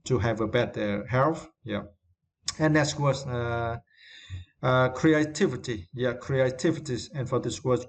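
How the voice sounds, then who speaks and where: A man whose first language is Vietnamese leads an English vocabulary lesson. His voice sits at a middling pitch, and he hesitates often, filling gaps with fillers and checking in with tag questions. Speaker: English teacher.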